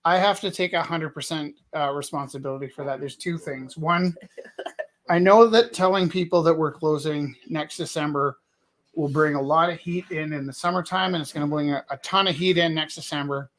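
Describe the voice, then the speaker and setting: A man's voice: fairly high pitch, normal speed, fairly bright tone. A man running a casual live art auction, chatty and earnest, wandering from bids into asides about the gallery.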